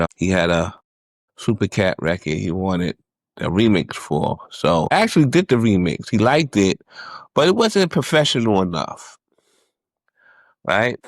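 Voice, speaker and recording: A man from New York, a music producer guest, calmly recalling stories in a casual interview. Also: deep voice, vocal fry, no echo, studio quality. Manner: laid-back, reflective recollection.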